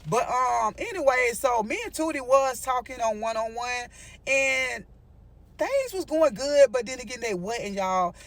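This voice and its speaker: Eine Frau mit hoher Stimme erzählt lebhaft und locker eine Geschichte und wendet sich dabei immer wieder direkt an ihr Publikum. Ihre Stimme steigt und fällt ausdrucksstark. Der Ton ist entspannt und plaudernd, wie bei einem Storytime-Video. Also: female voice, on the high side, measured pace. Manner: animated, addresses viewers with frequent asides. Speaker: storyteller vlogger. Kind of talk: casual storytime monologue.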